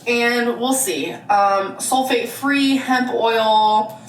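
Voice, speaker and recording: A woman's voice: fairly high pitch, takes it slowly. A woman chatting through a casual haul vlog in a rambling, chatty way. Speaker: vlogger. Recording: echoey room, voice from far off.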